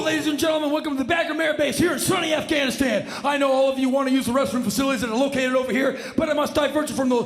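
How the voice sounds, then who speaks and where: A man voicing an eager young male air force airman who gives a loud, clipped welcome briefing. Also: very high-pitched, voice pushed up. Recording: long hall reverb, live stage.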